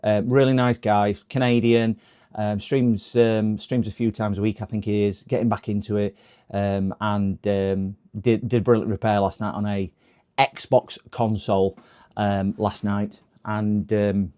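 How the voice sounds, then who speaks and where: A man talks through a live stream from his repair workshop. His voice sits a little low, and his casual chat wanders, full of fillers and restarts. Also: level tone, unhurried, warm tone, clear, resonant tone. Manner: rambling, chatty, many fillers.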